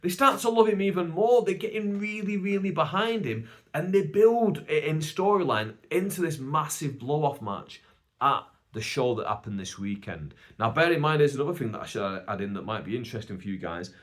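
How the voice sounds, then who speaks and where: A man's voice: a little high, expressive, normal speed. A British man hosting a casual solo podcast, telling a long story in a chatty, rambling way with many asides. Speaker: podcast host.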